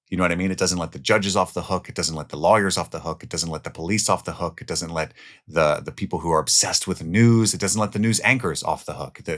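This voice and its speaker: A man hosting a film countdown, talking casually and with enthusiasm, swearing now and then, and moving between loud highs and quiet asides. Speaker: film reviewer. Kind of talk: casual spoken movie countdown.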